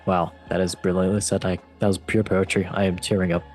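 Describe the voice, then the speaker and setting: A man's voice: low voice, flat delivery, brisk, darkish tone, faint music behind. A man hosting a football podcast quiz, joking and mock-dramatic in a casual chat. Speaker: podcast host running a quiz.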